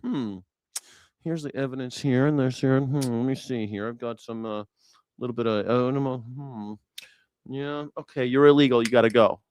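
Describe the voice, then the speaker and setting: A man's voice: mid-range voice, fairly even intonation, normal speed, darkish tone, a little hiss or hum, pitched below the performer's own voice, natural voice. A man voicing a male judge who hums and hesitates while he weighs a case in a drawling way. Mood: musing. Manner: drawling, hesitant, musing aloud.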